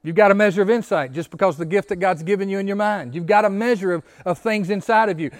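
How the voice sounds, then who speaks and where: A man's voice: high-pitched, quick pace. A male pastor giving an interactive sermon, often asking the congregation questions, repeating key phrases and stammering through restarts.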